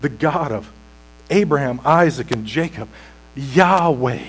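A man preaching a sermon as pastor, slow and deliberate, building to loud, emphatic peaks while sweating. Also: mid-range voice, animated, husky, rough recording.

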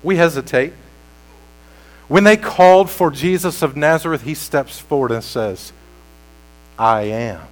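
Slow, deliberate preacher with a raised pitch. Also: male voice, low-quality recording. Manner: slow, deliberate preaching that swells to loud emphatic peaks. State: sweating. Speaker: pastor. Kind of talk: sermon.

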